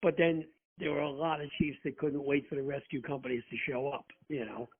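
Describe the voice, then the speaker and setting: A former rescue firefighter, on as a guest, calls in by phone and the line sounds tinny. Brisk and slightly rough in a mid-range voice, he chats casually, telling profane anecdotes and animatedly acting out the quotes.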